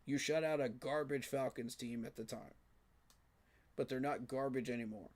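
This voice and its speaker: A man's voice: medium pitch, moderate pace, a little mellow. A man giving a frustrated, emphatic postgame reaction rant, repeating his points for emphasis. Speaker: sports fan commentator.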